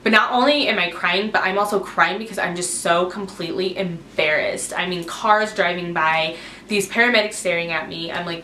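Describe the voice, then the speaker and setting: Speaking at a normal speed in a fairly low, pushed and bright voice, this twentysomething vlogger shares a personal story with her camera. The room is echoey with slight background noise, and her casual telling wanders, heavy on "like" and "um."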